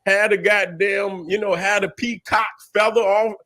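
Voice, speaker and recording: A man's voice: sits high, fairly even intonation, normal speed, sharp tone. A middle-aged man giving a profane, repetitive, preachy commentary rant as host. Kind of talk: ranting commentary.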